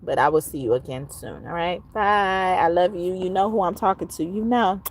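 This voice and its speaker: A woman tarot reader, signing off to her viewers in a lively way that swings between teasing and aggravated. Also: on the low side, moderate pace, slight background noise. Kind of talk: casual sign-off monologue to viewers.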